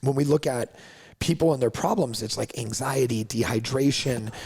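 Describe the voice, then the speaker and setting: This coffee company founder's voice is husky and medium-pitched at a normal speed. Chatting casually, he tells a story with lots of energy, voicing others' lines and peppering his speech with "like."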